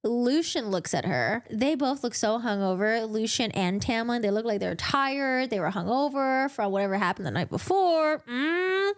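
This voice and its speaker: A young woman gives a casual, rambling recap of a novel to her viewers. She giggles often and jumps into playful voices for the characters. Her voice sits a little above the usual pitch for a woman. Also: animated. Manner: chatty, giggly, acts out characters in quick put-on voices. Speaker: book channel host.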